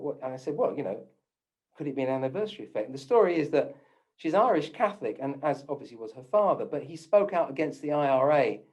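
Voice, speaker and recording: A man tells his stories in a lecture room, his voice rising and falling a great deal. He talks fast in places, with lots of ums and restarts. His pitch sits a little above the usual for a man. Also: rough recording. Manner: animated, with many ums and restarts. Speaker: GP giving a talk. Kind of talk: storytelling talk.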